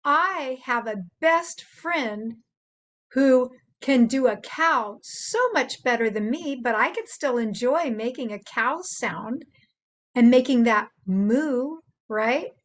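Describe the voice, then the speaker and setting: Older woman, children's presenter: high, lively voice, slow and playful delivery. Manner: playful, imitates animal sounds. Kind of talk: gentle instructional talk to children.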